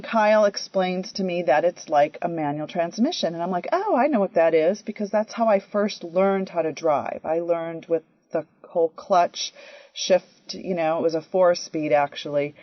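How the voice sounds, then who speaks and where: A woman telling a personal story in a chatty, animated way, often saying "you know" and "um". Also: on the low side, no echo. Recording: dry, dull lo-fi audio.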